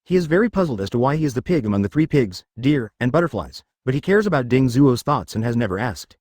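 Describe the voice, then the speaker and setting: A man reading a translated anime fan fiction aloud in a flat, literal way. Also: mid-range voice, fast, no room sound, clean studio sound. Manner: flat, literal delivery that reads symbols aloud. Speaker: narrator.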